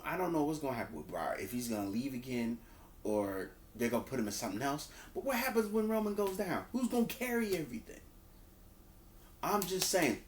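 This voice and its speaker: A man giving a casual spoken review of a wrestling show. He talks loosely, repeats words and restarts, and acts out quotes in a higher voice. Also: a little hiss or hum. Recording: roomy echo.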